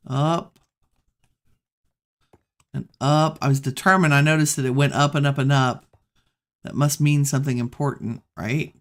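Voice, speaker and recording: Slow, gravelly-voiced woman musing over gameplay. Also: rumbling low. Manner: musing, talks to herself while playing. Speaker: gameplay streamer. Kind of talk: relaxed gameplay commentary.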